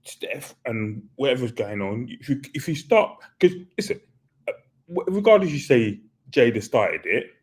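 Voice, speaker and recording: A man co-hosts a podcast in loose, casual chat. His voice is husky. He hesitates and restarts often. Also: mid-range voice, big pitch swings, moderate pace, darkish tone. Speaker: podcast host.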